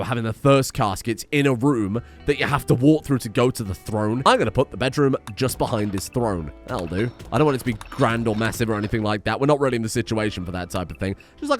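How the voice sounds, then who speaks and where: A young man chats his way through a game session in an animated, swearing, self-mocking way. His pitch swings widely between mutters and sudden yelps, and faint music plays underneath. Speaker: gaming YouTuber. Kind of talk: casual let's-play commentary.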